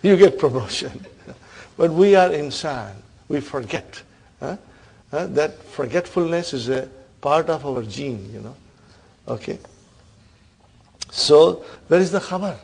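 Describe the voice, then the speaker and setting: A man's voice: fairly high pitch, expressive, measured pace, gravelly, long pauses, darkish tone, breathy edge. A man teaching an Arabic grammar class, quizzing his students and checking in with a "huh?" between points. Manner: questioning students, frequent "huh?" and laughs.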